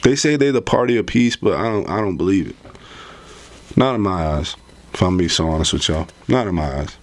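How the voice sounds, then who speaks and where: Man, deep low voice, rambling, casual vlog commentary, says "bro". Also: expressive, a little fast. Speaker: political commentary vlogger.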